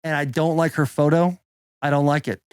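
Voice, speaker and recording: A man's voice: a little high, steady tone, a little fast, darkish tone, smooth, dry recording, clean studio sound. A man co-hosting a podcast in casual banter, joking and laughing often. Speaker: podcast co-host.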